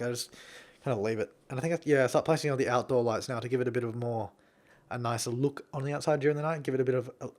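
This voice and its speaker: A man's voice: mid-range voice, a little mellow. Rambling young Australian man. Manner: rambling, self-deprecating, chuckling often. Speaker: game builder commentator. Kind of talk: casual gameplay voice-over.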